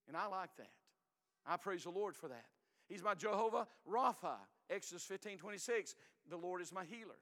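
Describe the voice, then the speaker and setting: An older man preaching a sermon in a folksy, emphatic way, swinging between loud and hushed. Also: sits high, lively intonation, a little fast, long reverb tail.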